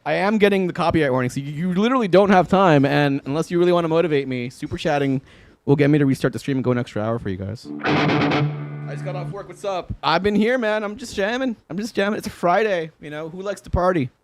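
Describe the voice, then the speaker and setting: A young guitarist livestreams from a room at home, chatting loosely with viewers, laughing a lot and swearing casually in a laid-back way. His voice is on the high side and quick, with no room sound and faint music behind him.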